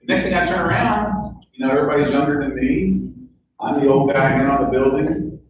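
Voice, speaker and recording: A man's voice: a little high, brisk, highs cut off, background noise. A middle-aged man, a guest speaker telling chatty, self-mocking stories with quoted dialogue at a club lunch. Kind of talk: storytelling talk at a club lunch. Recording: echoey room heard from a distance.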